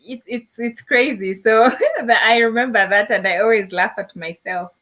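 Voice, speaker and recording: A woman's voice: on the high side, moderate pace, a bit bright. A young woman from Africa chatting as a guest, telling funny stories and acting out quoted dialogue. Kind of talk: casual interview chat.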